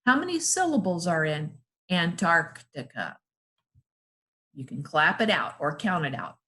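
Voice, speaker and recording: Woman, phonics teacher, very slow careful delivery, slightly low voice, encouraging. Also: big pitch swings, pushed and bright. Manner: patient, encouraging, sounds out letters slowly. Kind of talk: slow, clear teaching to young children.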